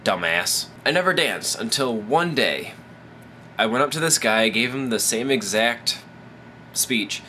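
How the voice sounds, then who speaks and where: A man's voice: mid-range voice, lively intonation, measured pace, sharp tone, slight background noise. A man hosting his own advice vlog, telling a rambling, profane story while drunk. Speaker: vlogger, host of his own show.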